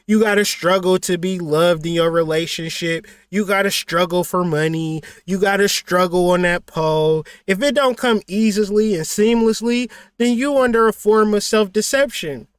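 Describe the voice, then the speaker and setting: A man's voice: high-pitched, clear, resonant tone, no echo, clean studio sound. A man hosting a motivational livestream talk, blunt and profane, preaching with rhetorical questions. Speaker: spiritual teacher and channel host.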